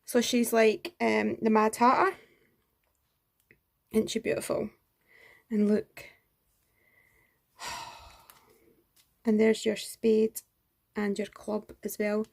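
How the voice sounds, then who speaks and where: A woman showing off craft supplies in a chatty, gushing way, her voice sitting a little high with a gravelly fry running through it. She keeps exclaiming over each piece as she goes. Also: completely flat delivery, slow pace, pauses often. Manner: gushing and enthusiastic, frequent exclamations. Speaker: craft vlogger. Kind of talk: casual show-and-tell review.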